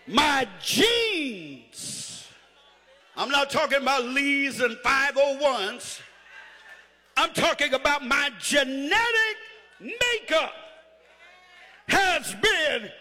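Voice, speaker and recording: A male preacher with a strikingly high, bright voice delivers a sermon in a large hall with a long echo. He leans on slow, drawn-out phrases, then breaks into shouts and call-and-response, his pitch swinging widely as he presses each point. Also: animated.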